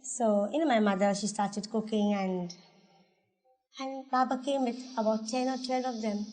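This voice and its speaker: A woman's voice: fairly high pitch, fairly even intonation, moderate pace, a little mellow, low-quality recording. A woman with an Indian English accent telling family stories in an oral history interview, laughing often and acting out the voices she quotes. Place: religious center.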